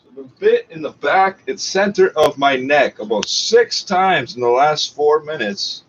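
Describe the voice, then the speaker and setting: A man's voice: a little high, expressive, measured pace. A man from Canada, hosting a podcast, rants angrily and sarcastically at a local radio broadcast, swearing constantly and mocking what he hears. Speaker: podcast host reacting to radio. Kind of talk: angry profane rant. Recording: dull lo-fi recording.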